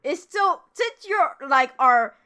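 A woman's voice: sits high, expressive, slow, bright, forceful tone. A young adult woman giving casual, rambling gaming commentary and swearing. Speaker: let's play commentator.

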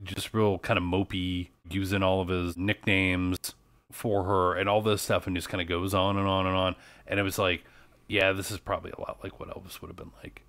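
A man with a low voice, co-hosting a podcast in casual, rambling chat. He talks easily and says "like" a lot. The recording is close and dry, with no room sound. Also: level tone, a little fast, fairly bright tone, no echo. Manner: chatty, rambling, heavy use of "like". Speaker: podcast co-host.

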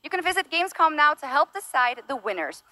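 A woman presents a live showcase in an upbeat, announcer-like read. Her voice is high and bright. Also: very animated, quick pace, no echo, low-quality recording. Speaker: show co-host. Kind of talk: scripted live-show presenting.

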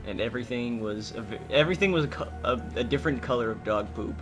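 A man's voice: mid-range voice, fast talker, music in the background. A man co-hosting game commentary, riffing sarcastically with absurd jokes. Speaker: co-host. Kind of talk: let's play commentary.

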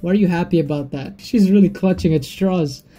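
A man giving excitable, swearing let's play commentary and reading a game's text aloud. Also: high voice, a little fast. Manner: excitable, swears, laughs often. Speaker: gamer.

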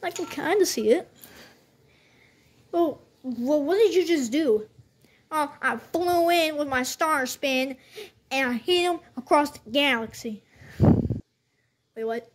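Lady doing all the toy voices, really high voice, slow and bouncy, lots of pew pew noises. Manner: bouncy, excitable, frequent sound effects. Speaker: toy video creator voicing every character. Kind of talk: playful toy role-play.

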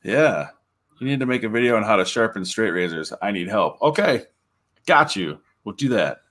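A man's voice: fairly low pitch, lively intonation, normal speed, a bit bright. Chatty man laughing through a livestream. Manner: chatty, laughs often, talks to viewers directly. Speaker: livestream guest. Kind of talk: casual livestream chat.

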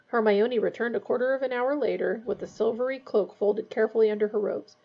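A woman reading a novel aloud in a steady, measured way. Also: fairly high pitch, creaky, highs cut off. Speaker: audiobook reader.

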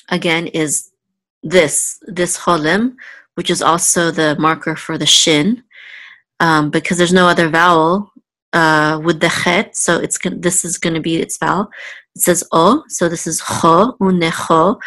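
A woman's voice: lowish voice, a bit bright. Patient woman teaching Hebrew letters. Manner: patient, step-by-step, many ums and restarts. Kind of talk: one-on-one lesson, explaining letters slowly.

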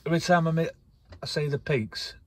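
A man rambles and rants straight to camera from inside his camper van. His voice is husky, and he swears freely as he gets worked up. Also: fairly high pitch, fairly quick, no room sound. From North West England. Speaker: vlogger. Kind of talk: casual ranting vlog.

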